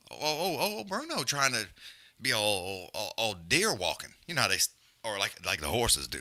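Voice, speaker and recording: A man hosting a live stream with a very bright, forceful voice that swings all over in pitch. He talks loud and profane, trash-talking his co-hosts and calling the fight in loose casual slang. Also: sing-song, moderate pace. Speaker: livestream host.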